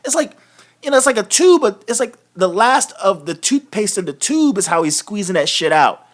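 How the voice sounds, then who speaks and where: A man hosts a live wrestling recap and rants in a loose, profane, animated way. His pitch swings up and down a lot, and he breaks into laughs often. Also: moderate pace. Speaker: host of a wrestling recap show. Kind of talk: live casual commentary recap.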